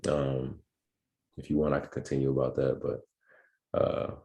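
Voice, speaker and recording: A young man with an extremely deep, low voice speaks as a podcast guest. He tells his story in a relaxed, unhurried way and fills his pauses with ums and restarts. The feel is casual interview talk. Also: gravelly. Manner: laid-back, filler-heavy storytelling. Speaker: podcast guest, pro basketball player.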